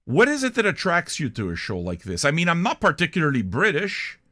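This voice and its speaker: A man's voice: a little high, wildly swooping pitch, a little fast, sharp tone. An older man from Canada, hosting a music reaction show in a blunt, profane, rambling monologue.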